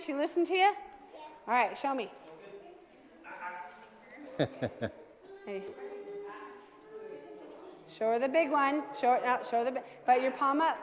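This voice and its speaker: A woman dog trainer leading a hands-on class, giving brisk, direct commands to owners and their dogs. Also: high voice, big pitch swings, a crowd in the background. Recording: long reverb from a large room.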